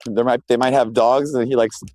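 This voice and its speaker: Walking outdoors through a neighborhood, a man livestreams from his phone and chats loosely with viewers in a rambling, scattered way. His medium-pitched, level voice is fairly quick and somewhat dark, and the recording quality is low.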